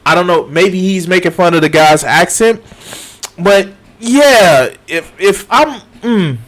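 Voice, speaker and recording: A man's voice: high voice, lively intonation, slow, fairly bright tone. A man in his thirties giving a casual reaction commentary, swearing often, laughing and repeating himself. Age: 30s. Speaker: streamer reacting to a video.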